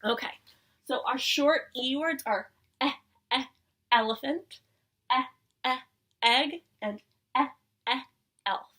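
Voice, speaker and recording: Young female preschool teacher, home lesson; bright, high-ish, sing-song, slips into whispers. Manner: animated sing-song teacher voice with gasps and drawn-out words; often drops to a soft whisper. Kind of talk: circle time lesson for young children.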